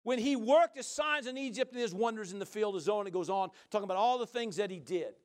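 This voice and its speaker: A man preaching a sermon in a folksy, joking way, often asking the listeners "right?" and swinging from loud to soft. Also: high voice, fast.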